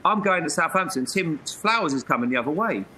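Bright-voiced laughing storyteller, man. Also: a little high, animated, brisk, a little hiss or hum. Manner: laughs through his stories. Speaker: former footballer guest. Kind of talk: anecdotal interview storytelling.

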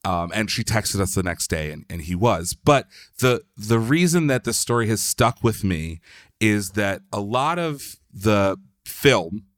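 A man's voice: lowish voice, expressive, measured pace, no echo, clean studio sound. A man from Philadelphia, a podcast guest, telling a long story in a loose, chatty way, full of "like" and the odd swear word. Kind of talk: casual storytelling.

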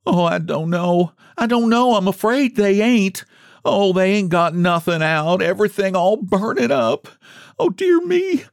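A man's voice: sits high, expressive, unhurried, no echo, studio quality, pitched above the performer's own voice. A man doing a wailing old countrywoman. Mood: distraught. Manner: quavering, wailing rural dialect. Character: elderly woman, wailing and self-pitying.

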